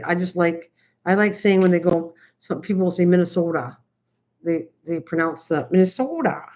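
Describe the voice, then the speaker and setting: Older woman, rambling chat, crafting livestream, slightly dull lo-fi sound. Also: fairly low pitch. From United States. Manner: rambling, chatty, talks to viewers while working. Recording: slightly dull lo-fi stream audio.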